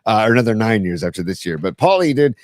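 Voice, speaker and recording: A man's voice: fairly low pitch, very animated, quick pace, darkish tone, no echo, clean studio sound. Chatty man co-hosting a sports podcast. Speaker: podcast co-host. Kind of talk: casual sports podcast chat.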